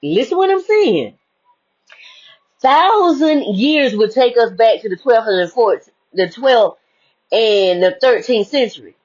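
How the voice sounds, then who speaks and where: A woman's voice: fairly high pitch, lively intonation, a little slow, a little mellow, dull audio. A woman speaking as a spiritual life coach in an emphatic, preachy monologue that repeats its key phrases.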